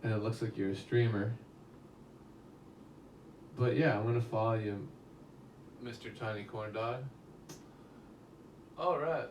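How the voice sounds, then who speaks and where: A man's voice: mid-range voice, normal speed, long pauses. A man in a casual live-stream movie review, talking to his chat in a rambling, chatty way and swearing casually. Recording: roomy echo, mic at a distance, faint background hum.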